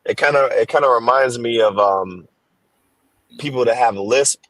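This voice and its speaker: A man with a mid-range, fairly bright voice reads scripture slowly in a casual Bible class, faltering, using fillers and starting over. He's on stream headphones, with no echo but low audio quality.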